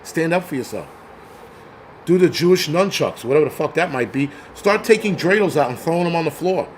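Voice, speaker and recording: A man rants angrily and crudely as the host of his own stream. His voice sits a bit high for a man. He talks in a blunt, profane, mocking way. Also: lively intonation, fairly quick, slight background noise. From New York. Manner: angry, crude, mocks others in put-on voices. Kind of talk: profane livestream rant.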